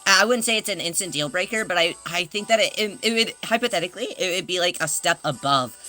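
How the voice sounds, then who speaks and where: A man's voice: high-pitched, animated, quick pace, soft background music. A man chatting casually on a livestream, rambling and self-conscious, greeting viewers as they arrive. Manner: greets chat members warmly.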